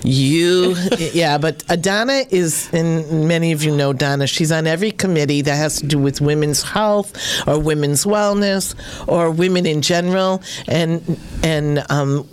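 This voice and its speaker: A woman hosting a morning radio show, her voice deep and throaty from a cold, talking in a chatty, rambling way with fillers. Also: a little slow, clear, resonant tone. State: hoarse, under the weather. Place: radio studio.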